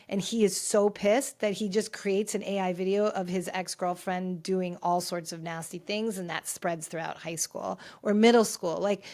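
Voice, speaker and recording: A woman's voice: lowish voice, a little mellow. A woman hosting a pop culture podcast, talking candidly and rambling through her thoughts with frequent restarts. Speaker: podcast host. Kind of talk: casual pop culture chat. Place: home filming set.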